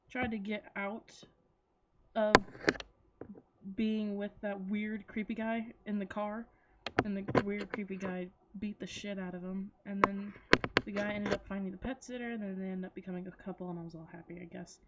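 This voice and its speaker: A woman talks straight to her viewers in a loose, chatty ramble, giggling and cursing as she trips over her own sentences. Her voice sits at an ordinary middle pitch. The sound is dull and lo-fi, like a home recording on a built-in mic. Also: heavy background noise. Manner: rambling, giggly, swears freely, many likes and restarts. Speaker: anime reviewer. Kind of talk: casual chatty plot retelling.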